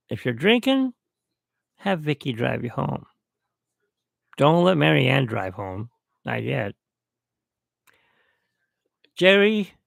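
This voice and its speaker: A middle-aged man talks slowly through a rambling podcast toast, reminiscing as he goes. His voice is deeply gravelly with heavy fry. The sound is dry and close, with no room echo. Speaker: podcast host. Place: at home, alone.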